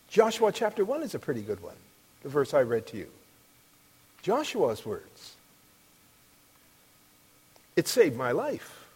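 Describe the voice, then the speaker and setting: A middle-aged man preaching a sermon, emphatic, rising to loud declarations on the verses he quotes. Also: a little high, husky. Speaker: pastor. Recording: long reverb of a large hall.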